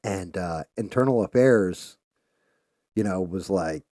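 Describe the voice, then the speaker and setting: A man with a low voice and a mellow, dark tone tells an anecdote in a relaxed, profane way. He talks loosely with plenty of filler words and gets animated whenever he quotes someone. The sound is dry and close. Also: takes it slowly, no echo. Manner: animated when quoting others. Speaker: live stream host. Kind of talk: casual storytelling while painting.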